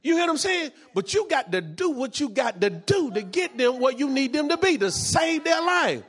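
A man's voice: extremely high pitch, very animated, moderate pace, fairly bright tone, faint music behind. A man preaching a sermon as pastor, fervent and repetitive, dropping in frequent amens.

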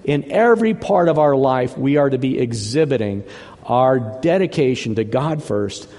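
A man preaching a sermon as a pastor, emphatic, moving between hushed retelling and forceful exhortation. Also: medium pitch, expressive, normal speed, long reverb tail.

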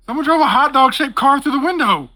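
A startled shopper in a comedy sketch cries out in a high, squeaky voice, as a man puts him on. The pitch jumps around a lot, and the tone is bright and sharp. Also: expressive, a little slow, full character voice. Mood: alarmed. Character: shocked bystander in a clothing store.

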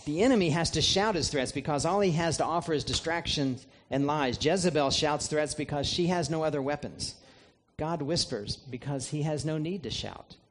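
A man, a pastor, preaching a sermon in an earnest, measured way, reading scripture aloud. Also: a little high, a little hiss or hum.

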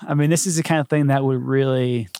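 Male podcast host, fry in the voice, self-mocking, casual. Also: medium pitch, steady tone, quick pace, dark tone. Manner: joking, self-deprecating, chatty. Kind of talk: casual chat.

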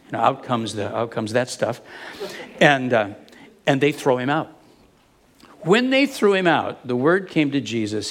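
A man preaching a sermon, retelling a Bible story with animated storytelling and acting out the speakers he quotes. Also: mid-range voice, measured pace.

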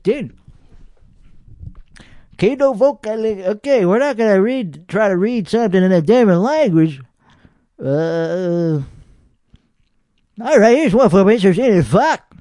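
A man's voice: high-pitched, animated, unhurried, long pauses, dark tone, dry recording, clean studio sound. A man with a Texan accent hosting a podcast, reacting to internet videos in rambling, profane, mock-outraged casual commentary. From Texas. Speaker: podcast host.

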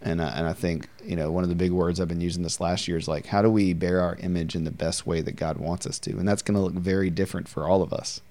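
A man's voice: sits low, flat delivery, fast talker, few pauses, warm tone. A middle-aged man hosting a casual faith conversation, talking earnestly and reflectively. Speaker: podcast host.

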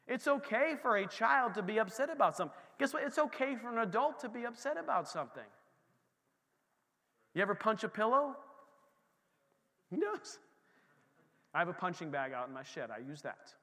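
Middle aged pastor guy preaching hard, high bright voice, loud then soft, big echoey church. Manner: fervent, swings from shouting to quiet. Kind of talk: sermon.

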